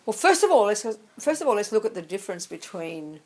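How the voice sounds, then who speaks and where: A woman teaches Buddhism to a live group, emphatic and animated. She stops often to ask whether the group follows her. She calls people darling as she takes their questions. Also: mid-range voice, a little fast. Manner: emphatic, animated, keeps checking the audience follows. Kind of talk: dharma talk with audience questions.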